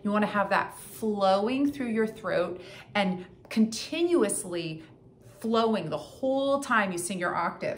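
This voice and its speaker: A woman voice coach teaching a singing lesson, counting in and demonstrating warm-ups in an encouraging way. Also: medium pitch, expressive, measured pace, over loud music. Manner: encouraging, counts in and sings along.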